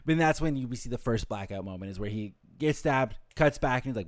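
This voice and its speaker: A man co-hosting an anime rewatch podcast in casual chat, swearing freely and slipping into quick impressions of characters. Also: medium pitch, expressive, no echo. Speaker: podcast co-host and editor.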